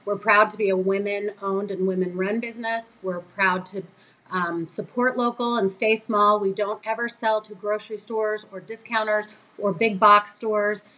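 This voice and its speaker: A middle-aged woman, a guest on a podcast, telling a lively story and acting out the voices of the people in it. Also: medium pitch, normal speed, poor audio. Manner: animated, acts out quoted voices. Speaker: guest, business co-owner.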